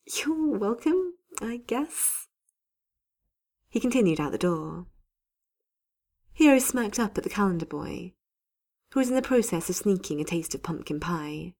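A woman's voice: on the low side, expressive, moderate pace, pauses often, darkish tone. A woman reading a lighthearted office story aloud, voicing each character herself. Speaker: story reader. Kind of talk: reading fan fiction aloud.

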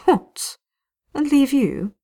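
A woman reading aloud and voicing a proud, stubborn female enchanter who answers crisply and defiantly. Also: on the low side, very animated, measured pace, exaggerated voice.

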